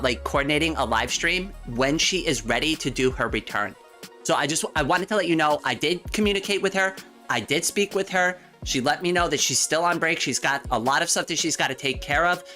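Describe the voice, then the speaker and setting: A woman's voice: low voice, sharp tone. A woman livestreamer in casual chat, talking straight to her viewers, giggling often and repeating words as she thinks.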